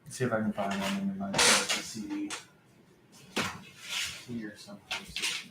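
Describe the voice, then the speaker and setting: The recording is very noisy and echoey, carrying a man's low, flatly delivered voice. He rambles through a casual vlog about his record collection, halting, using plenty of fillers and muttering to himself during his search.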